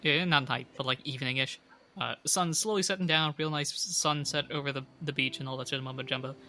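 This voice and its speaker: A man's voice: mid-range voice, steady tone, quick pace, sharp tone, slight background noise. A young man narrating as game master in a loose, rambling way with lots of fillers.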